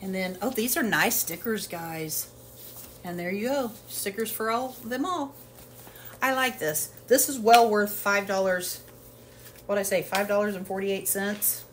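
A haul vlogger chats casually through a home product haul in her kitchen, rambling with plenty of fillers. Her voice is medium-pitched and unhurried, with slight background noise.

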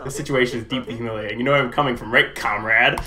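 Man doing a talking donkey, sarcastic, griping, bright voice, raised pitch. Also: steady tone, rapid-fire. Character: grumbling talking donkey, male work animal.

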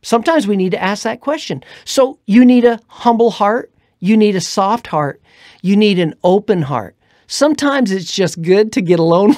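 A woman preaching on a radio show, fervent and exhorting, often dropping to a hushed whisper. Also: mid-range voice, expressive, moderate pace, dry recording, studio quality. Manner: fervent, swings between loud urging and hushed whispers.

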